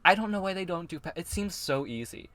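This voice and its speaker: Bright-voiced chatty man podcasting. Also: sits high, lively intonation, fast. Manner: chatty, rambling with many "like" fillers, laughs often. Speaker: podcast co-host. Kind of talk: casual chat.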